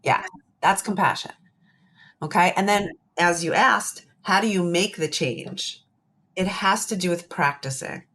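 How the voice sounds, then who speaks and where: An earnest woman with a slightly low voice talks as an interview guest. She leans hard on her points and repeats them for emphasis, explaining with steady conviction. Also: unhurried. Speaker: psychologist guest. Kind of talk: interview conversation.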